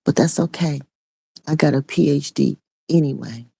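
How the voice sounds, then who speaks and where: A woman's voice: sits low, normal speed, vocal fry, mellow, husky. A middle-aged woman and online preacher giving an impassioned spoken testimony in a repetitive, raw preaching cadence.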